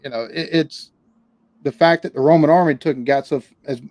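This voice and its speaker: A man's voice: a little high, brisk, a little mellow, no room sound. A man from the United States, the guest on a casual interview, who rambles, restarts often and swears casually. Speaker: podcast guest, reaction channel creator.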